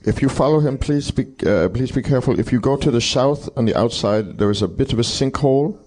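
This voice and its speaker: A man playing a tabletop game, explaining things in a careful, halting way. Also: medium pitch, a little mellow. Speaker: player.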